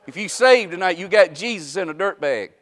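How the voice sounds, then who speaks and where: A high-pitched male preacher delivers a dramatic sermon. He jumps from loud, mocking exclamations to hushed, drawn-out lines. His voice rings with the long reverb of a church hall. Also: expressive. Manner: dramatic, swings from shouting to hushed, mocking asides.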